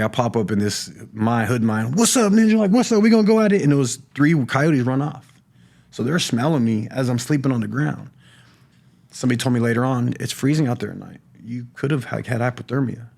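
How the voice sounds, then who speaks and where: A middle-aged man giving a personal testimony on a podcast, talking in a halting way with many restarts and repeated words. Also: mid-range voice, creaky, a little mellow. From California. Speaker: podcast guest sharing recovery story. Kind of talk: personal testimony, casual talk.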